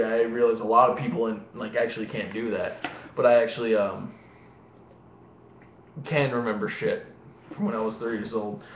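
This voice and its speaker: A young man vlogging, telling rambling personal stories with constant swearing and animated voices. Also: mid-range voice, a little hiss or hum. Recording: echoey room, dull lo-fi sound.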